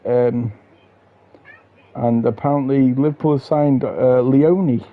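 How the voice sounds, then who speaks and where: A man chatting casually as a race commentator on a stream, easily excited. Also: medium pitch, slow pace, phone-quality sound.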